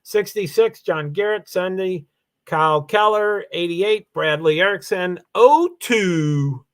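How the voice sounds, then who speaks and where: A man's voice: sits high, measured pace, fairly bright tone, clear, resonant tone. A tired man hosting a casual livestream, rambling with many fillers as he reads out names and chats to viewers. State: tired, yawning. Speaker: livestream host.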